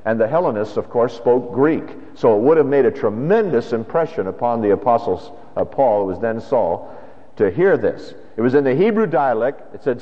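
A man's voice: mid-range voice, animated, moderate pace. A man preaching a sermon as pastor, in a conversational style with rhetorical questions. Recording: dull lo-fi sound with long hall reverb.

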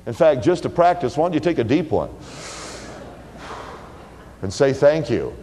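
A male pastor delivers a sermon in a church sanctuary, his pitch leaping and falling with lively emphasis. He swings between loud declarations and hushed low lines. A long reverb tail follows every phrase. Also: measured pace, a little hiss or hum.

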